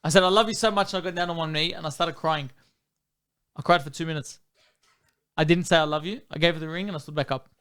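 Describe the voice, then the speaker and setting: A man telling a story in a casual podcast chat, animated and laughing, often saying "bro". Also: fairly high pitch, fast talker, pauses often, clear, resonant tone. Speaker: podcast guest.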